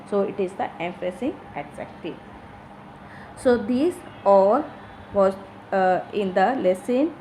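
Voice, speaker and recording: A woman's voice: mid-range voice, darkish tone, a little hiss or hum, poor audio. A woman teacher, explaining grammar to schoolchildren in an online class, repeating each example sentence. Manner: addresses pupils directly as children.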